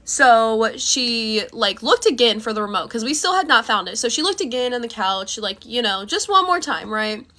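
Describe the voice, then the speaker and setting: A young woman tells a story in a casual, chatty way, packing her talk with fillers and swearing freely. Her voice sits a little high and rings sharp and bright. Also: very animated, normal speed, hardly any pauses.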